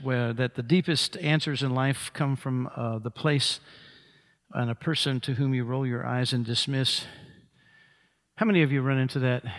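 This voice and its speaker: A pastor preaching a sermon, acting out the scripture dialogue with big swings in his voice. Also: mid-range voice.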